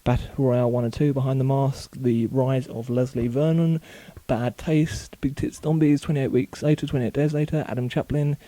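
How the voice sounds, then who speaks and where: A man talking casually in his bedroom for a home vlog, rattling off a long list quickly, with small slips and corrections along the way. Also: medium pitch, fairly even intonation, warm tone, no echo. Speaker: video blogger.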